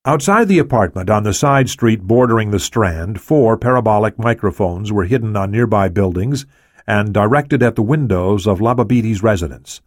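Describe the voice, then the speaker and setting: A man narrating an audiobook in a steady, even reading. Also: on the low side, no echo, clean studio sound.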